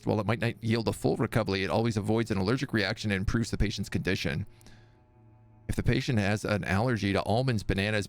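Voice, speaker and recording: A man's voice: on the low side, vocal fry. A man streaming a video game, reading the on-screen text aloud and breaking off with jokey asides. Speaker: gaming streamer. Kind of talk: let's-play commentary.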